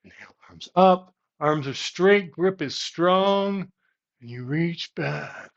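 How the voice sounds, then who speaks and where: A man leading a yoga workout with calm, encouraging step-by-step cues. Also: fairly high pitch, takes it slowly, gravelly. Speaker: yoga instructor. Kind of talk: guided workout instruction. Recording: slightly muffled, lo-fi audio.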